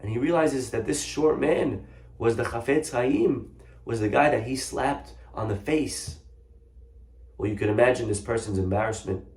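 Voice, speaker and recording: Animated rabbi telling a story, echoey. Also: male voice, mid-range voice, normal speed. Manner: animated storyteller, acts out the characters. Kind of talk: storytelling Torah lesson. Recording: echoey room.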